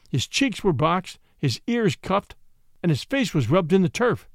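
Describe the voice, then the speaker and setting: A man narrating a classic short story as an expressive audiobook reading. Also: on the high side, dry recording, clean studio sound.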